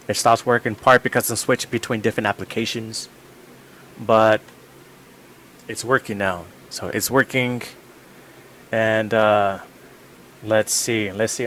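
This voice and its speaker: A man's voice: fairly low pitch, a bit bright, slight background noise. Rambling male streamer at home. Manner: rambling, repeats phrases over and over. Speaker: live streamer. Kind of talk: casual live-stream chat. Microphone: desk microphone.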